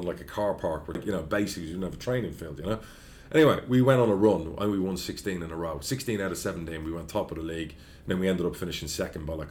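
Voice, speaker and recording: A low-voiced man rattles through his stories fast in an interview. He is blunt, swears freely, and tells each story with energy. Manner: blunt, profane, animated storyteller. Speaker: football club chairman.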